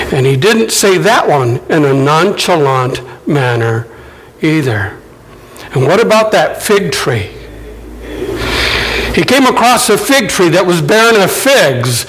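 A man preaching a sermon, animated and acting out quoted lines in shifting voices. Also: high-pitched, slow pace, low-quality recording. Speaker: pastor.

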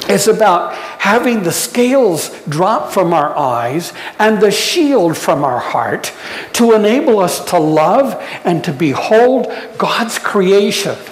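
A pastor delivers a sermon at a slow, deliberate pace, the voice rising and falling in a lively way. The talk is unhurried, with questions put to the congregation and a touch of humor. It is recorded in a church sanctuary with long, roomy reverb and faint background noise. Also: medium pitch. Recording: echoey church hall reverb.

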